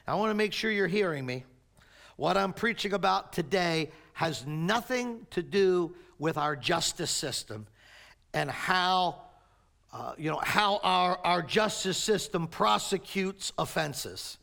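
A pastor preaching a sermon in a high, gravelly voice at an unhurried pace. His delivery swings between raised, emphatic lines and quiet, low asides to the congregation. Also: animated.

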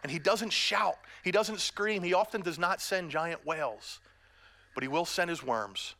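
A middle-aged pastor preaches a sermon in a high, sharp-toned voice, unhurried in delivery. He is earnest and direct with the congregation, mixing in self-deprecating humor.

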